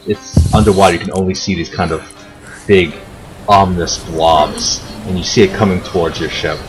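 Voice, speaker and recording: Rambling low-voiced man running a game. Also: fairly even intonation, moderate pace, over music, rough recording. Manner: rambling, with many fillers and restarts. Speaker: game master. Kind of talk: narrating a tabletop game. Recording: chatter of a crowd behind.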